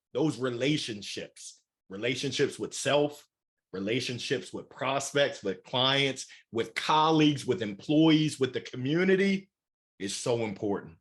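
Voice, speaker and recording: A man in his forties, a keynote speaker and author, giving energetic, playful motivational answers in an interview. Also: mid-range voice. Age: 40s. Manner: animated, playful, motivational, acts out voices.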